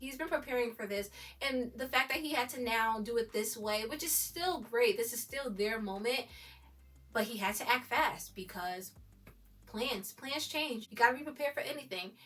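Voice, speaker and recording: A woman chatting through a TV recap in a bright, slightly high voice, animated and gushing as she reacts. She sits a little back from the mic, so the sound sits slightly distant. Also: moderate pace, soft background music. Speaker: TV recap vlogger. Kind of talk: excited casual recap commentary.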